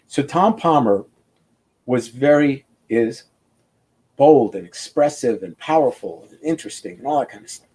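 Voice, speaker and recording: An older man who works as a comic book inker, talking casually over a video call in a rambling, animated way, full of restarts. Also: mid-range voice, normal speed, pauses often.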